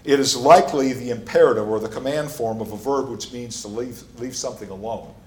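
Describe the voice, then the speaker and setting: A man's voice: medium pitch, a little fast, a little mellow. A male pastor preaching a sermon, stressing and repeating his key points as he teaches. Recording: echoey room.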